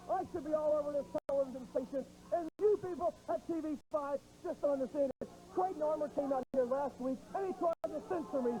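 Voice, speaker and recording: A man's voice: very high-pitched, low-quality recording. A young man, a professional wrestler, cutting an arrogant, taunting promo. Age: young adult. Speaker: pro wrestler.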